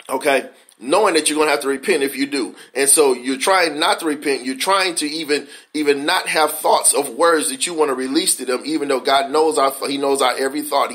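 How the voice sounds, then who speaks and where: A male pastor giving a conversational devotional sermon, repeating phrases, asking rhetorical questions and slowing down for emphasis. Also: medium pitch, a bit bright. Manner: conversational preaching with frequent repetition and rhetorical questions; slows down for emphasis, acts out quoted inner voices.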